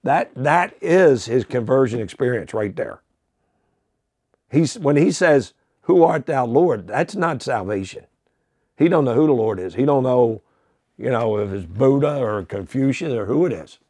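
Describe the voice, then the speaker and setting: A man's voice: mid-range voice, lively intonation, a little slow, darkish tone, no echo, studio quality. A man, a pastor teaching the Bible on a podcast, reading verses aloud and commenting with fillers and self-corrections.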